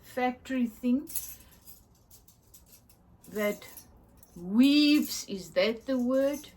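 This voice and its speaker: Slow, high-voiced woman. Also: animated, a little mellow, a little hiss or hum. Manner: chatty, enthusiastic, laughs often, searches for words. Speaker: craft vlogger. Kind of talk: casual show-and-tell.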